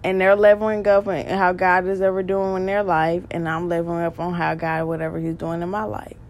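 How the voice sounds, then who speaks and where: A woman's voice: lowish voice, completely flat delivery, a little hiss or hum. Earnest woman preaching her testimony. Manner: earnest and repetitive, with quick bursts of emphasis and laughs. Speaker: podcast host. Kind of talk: faith testimony talk, preaching.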